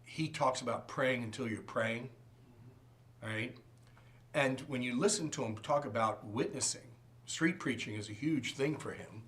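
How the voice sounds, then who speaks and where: A man teaching a Sunday school class, animated and joking, acting out quotes as he goes. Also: medium pitch. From from outside the region. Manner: animated, jokes and acts out quotes.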